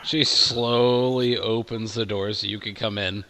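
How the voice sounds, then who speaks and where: Slow, bright-voiced male game master. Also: fairly low pitch. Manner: relaxed, halting narration with many fillers. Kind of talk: narrating a tabletop game.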